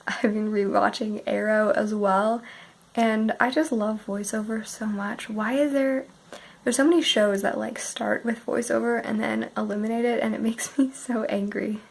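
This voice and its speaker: A young woman in her early twenties from Canada, musing sleepily and softly about books while unwell, often dropping to a half-whisper. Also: on the high side, fairly even intonation, moderate pace, gravelly, low-quality recording. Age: early 20s. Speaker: book vlogger.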